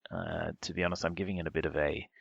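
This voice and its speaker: Very deep-voiced man, hesitant co-host. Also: level tone, fast, gravelly, a bit bright, no echo, muffled recording. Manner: hesitant, lots of ums and self-corrections. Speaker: podcast co-host. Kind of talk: casual chat.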